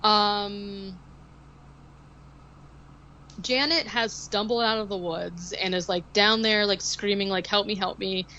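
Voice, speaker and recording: A woman on a podcast retells a movie plot in a loose, rambling way, peppering it with likes and ums. Her voice sits at a middling pitch, and the audio is a little dull and lo-fi. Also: fairly even intonation, slow, pauses often, sharp tone, a little hiss or hum. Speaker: podcast co-host. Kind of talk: casual movie recap chat.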